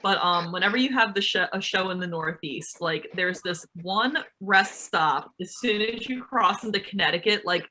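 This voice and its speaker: A woman's voice: medium pitch, moderate pace, hardly any pauses, bright, forceful tone, a little hiss or hum, poor audio. A woman in her thirties from Maryland, a wrestler guesting on a radio show, chatting bubbly and laughing easily. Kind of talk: casual radio chat.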